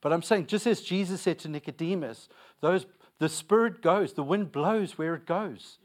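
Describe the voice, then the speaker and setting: A man's voice: high voice, moderate pace. A young man preaching a sermon, repeating lines for emphasis and telling stories with laughter.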